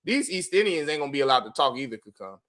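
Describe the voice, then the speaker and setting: A man hosting a livestream, giving a forceful, preachy commentary and often calling his listeners brother. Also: fairly high pitch, animated, rapid-fire. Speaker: host of a religious group's class.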